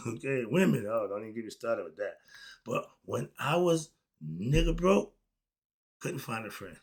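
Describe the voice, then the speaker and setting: An older man talking casually and emphatically in a monologue, with laughing asides, swinging between loud and soft. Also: mid-range voice, expressive, normal speed, breathy edge. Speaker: commentator.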